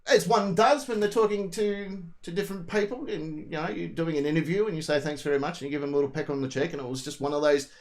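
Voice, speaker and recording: An Australian man co-hosting a casual comedy chat, telling animated, rambling stories and swearing freely. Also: a little high, quick pace, hardly any pauses. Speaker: co-host.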